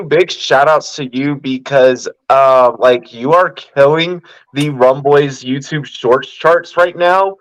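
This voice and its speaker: A man hosting a sports talk podcast with hype-man energy. His voice sits at an ordinary middle pitch and he swears freely. The delivery is casual and loud. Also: takes it slowly, low-quality recording. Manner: hyped, profane, hype-man announcing. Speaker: podcast host.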